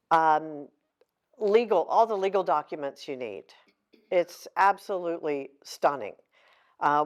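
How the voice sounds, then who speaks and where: A middle-aged woman author giving a candid, heartfelt talk to an audience, mixing emotion with self-deprecating humor. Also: on the low side. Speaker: author at a book signing.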